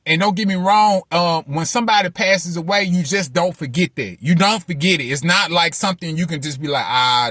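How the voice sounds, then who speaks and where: A man delivers a personal motivational talk in a high, bright voice. He circles back on his words, scatters "man" and "you know what I'm saying" everywhere, and builds to loud, impassioned preaching. The sound is dry and close. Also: no room sound. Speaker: motivational speaker.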